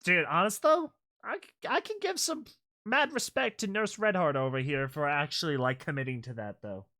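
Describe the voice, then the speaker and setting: Speaking at normal speed with a medium pitch, a narrator reads out a slideshow story while reacting to it. The delivery is excitable, with disbelieving yells and some mild cursing.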